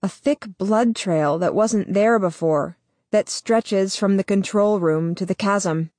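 A woman narrating a novel in the first person, measured and deliberate. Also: medium pitch, darkish tone, no echo. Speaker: audiobook narrator.

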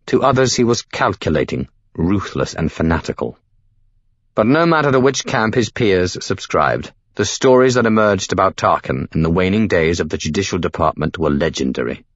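A man narrating a novel in a measured, scripted storytelling delivery. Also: low-pitched, husky, no echo, muffled recording. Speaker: audiobook narrator.

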